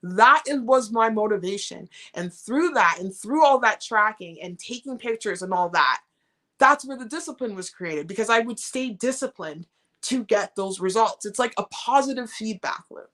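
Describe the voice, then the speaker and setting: A woman hosting a live stream, chatting casually and warmly while reading out viewer comments. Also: a little high, lively intonation, moderate pace. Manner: warm, encouraging, reads chat comments aloud.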